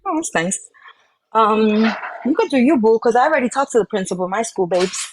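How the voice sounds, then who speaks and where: A woman's voice: a little high, expressive, a little fast, slightly rough. Furious profane woman arguing. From Georgia, US. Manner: confrontational, profane, taunting. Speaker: live stream participant. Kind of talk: heated live argument.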